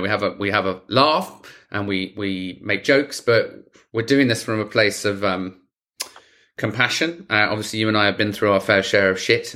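A man's voice: lowish voice, bright, forceful tone. A man co-hosting a podcast in casual, earnest chat. He laughs often and swears casually. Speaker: podcast co-host.

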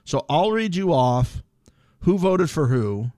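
A man's voice: a little high, sing-song, slow pace, darkish tone, dry recording, clean studio sound. A man co-hosting a casual reality show recap podcast, talking in an easygoing way with lots of fillers. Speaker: podcast co-host.

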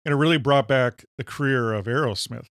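Smooth-voiced Minnesotan man joking around. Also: medium pitch, brisk, no echo, studio quality. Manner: jokey, deadpan asides. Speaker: podcast co-host. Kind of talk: casual banter.

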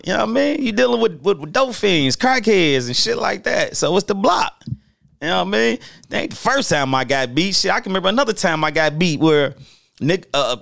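A man spins old street stories in a loose, casual way, his voice sitting a little high and full of gravelly fry. He acts out the people in the tale with lively jumps in his voice. The sound is close and dry, with no room around it. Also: no room sound. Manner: animated, acts out quoted voices, loose slang-heavy talk with restarts. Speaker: storyteller host.

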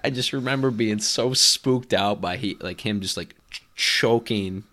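Young male co-host, lowish voice, casual and excitable, swears. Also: a little slow. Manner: animated, swears casually, does movie voice impressions. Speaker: podcast co-host. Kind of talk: casual chat.

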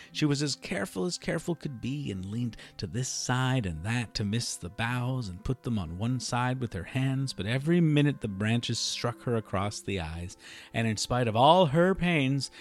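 A male storyteller reads an old fairy tale aloud in an expressive, measured voice. His pitch sits in a middling range, and soft music plays faintly behind him.

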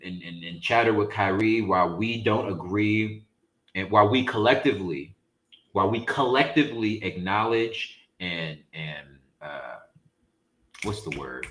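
A man co-hosting a casual sports podcast, talking in an animated, emphatic way and sometimes searching for words. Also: on the low side, reverberant, low-quality recording. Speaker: podcast co-host.

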